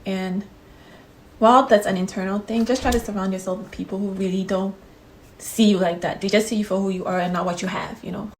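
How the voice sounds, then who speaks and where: Young woman from ghana, chatty vlog advice, reassuring and candid, mid pitch. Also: steady tone, brisk, slight background noise, low-quality recording. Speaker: vlogger.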